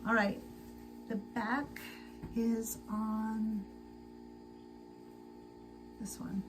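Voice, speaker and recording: A tired woman hosting a casual sewing livestream, chatting slowly to viewers and to herself as she works. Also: on the high side, flat delivery, over music, poor audio. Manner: slow, chatty, talks to herself while working. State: tired and sleepy.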